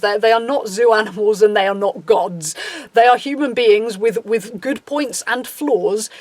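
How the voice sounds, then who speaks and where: A podcast host from England, a woman in her thirties with an English accent, delivers a chatty, opinionated monologue, often restarting her sentences and acting out quotes. Her voice sits on the high side, and the recording is dry.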